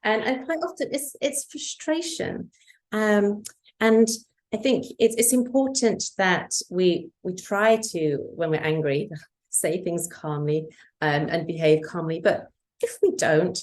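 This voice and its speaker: A woman's voice: on the low side, unhurried, darkish tone. A woman guest in an interview, talking earnestly about parenting and acting out quoted dialogue. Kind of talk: conversational interview.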